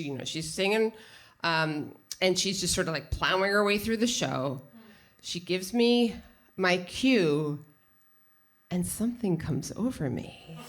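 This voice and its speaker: A woman telling a funny personal story live on stage, animated and self-mocking, full of "like.". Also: medium pitch. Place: small theater stage with audience.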